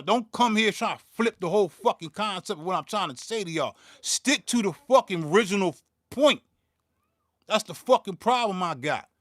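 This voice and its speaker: A man's voice: sits high, a bit bright, dry recording, studio quality. A man, hosting his own beatmaking channel and ranting in a profane, heated way, stumbling and repeating words as he gets worked up. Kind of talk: livestream rant.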